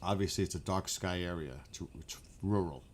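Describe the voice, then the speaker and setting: A man with a New York accent hosting a casual late-night livestream outdoors in front of his house, chatting with viewers in a relaxed, rambling way. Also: low voice, a little fast, slight background noise. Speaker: livestream host.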